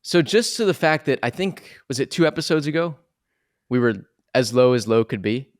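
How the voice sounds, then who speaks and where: A man's voice: medium pitch, lively intonation, moderate pace. A young man co-hosting a podcast in casual chat, chatty and self-mocking with lots of fillers. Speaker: podcast co-host.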